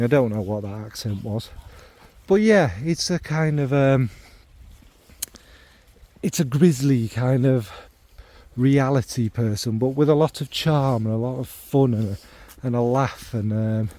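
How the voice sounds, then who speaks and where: A man's voice: mid-range voice, dark tone, dry recording. A middle-aged man from the North Midlands, chatting casually about fragrances in a rambling, self-deprecating way full of ums and asides. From North Midlands of England. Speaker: fragrance vlogger. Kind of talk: casual spoken monologue.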